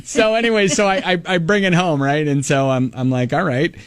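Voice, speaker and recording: A man's voice: fairly high pitch, fairly even intonation, a little fast, clear, resonant tone, no room sound. A middle-aged man co-hosting a radio show, telling a self-mocking story and acting out his own lines in a casual chat.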